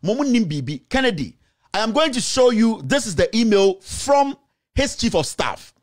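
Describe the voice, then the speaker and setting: A man's voice: high-pitched, very animated, moderate pace. A man with a Ghanaian accent giving heated political commentary, scolding and emphatic, mixing in Twi phrases.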